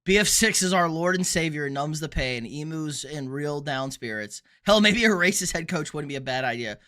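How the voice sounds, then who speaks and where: Blunt, bright-voiced young man. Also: on the high side, animated, normal speed. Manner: blunt, swears, reads chat aloud. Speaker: sports livestream host. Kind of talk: casual livestream commentary.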